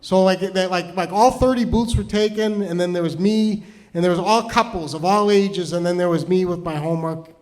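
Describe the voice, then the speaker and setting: A man's voice: high-pitched, moderate pace. A middle-aged man from New Hampshire telling a rambling, self-deprecating comedy story on stage, full of restarts. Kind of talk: stand-up storytelling.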